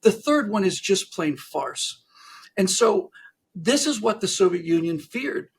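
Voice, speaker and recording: A man's voice: sits high, big pitch swings, a little slow, vocal fry, breathy edge. A man talking with a host, telling jokes and acting out the characters in them, with many restarts. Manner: acts out characters in stories, frequent restarts. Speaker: narrator and historian, guest. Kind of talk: animated joke-telling in a conversation.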